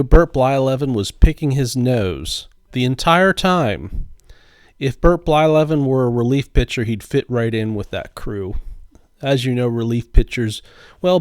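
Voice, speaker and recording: A middle-aged man giving a relaxed, chatty voice-over as he opens packs of baseball cards, often unsure how names are pronounced. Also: medium pitch, clear, resonant tone, no echo, clean studio sound. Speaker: card-opening video host. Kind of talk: casual voice-over narration.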